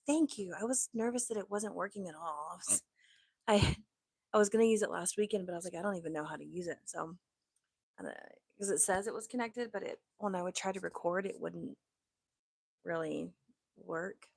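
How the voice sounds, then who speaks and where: A woman's voice: lowish voice, brisk, vocal fry, a little mellow, husky, no echo. A woman hosting a casual live stream, chatting in an upbeat, loose way with lots of fillers into a desk microphone.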